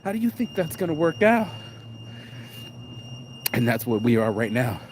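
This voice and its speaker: A man's voice: mid-range voice, big pitch swings, moderate pace. A man in an emotional vlog, talking raw and rambling through tears and laughs while out in the rain on a street. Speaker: vlogger. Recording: noisy outdoor street recording. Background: street noise and passing vehicles.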